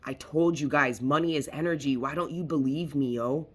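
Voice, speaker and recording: A man's voice: on the high side, normal speed. A man giving a casual tarot reading, talking in a rambling, emphatic way, swearing freely and repeating himself. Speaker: tarot reader.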